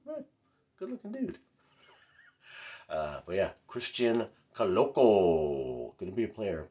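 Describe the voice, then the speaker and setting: A man's voice: a bass voice, dark tone. A middle-aged man giving a casual, rambling recap of a basketball game as a frustrated fan, full of fillers and asides. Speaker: fan commentator. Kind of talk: casual sports recap vlog.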